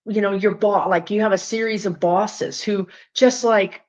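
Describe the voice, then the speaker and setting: A woman with a Southern US accent, a spiritual teacher talking casually and emphatically to her viewers, with lively asides. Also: medium pitch, normal speed. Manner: animated, emphatic, chatty with frequent asides. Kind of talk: casual direct-to-viewer talk.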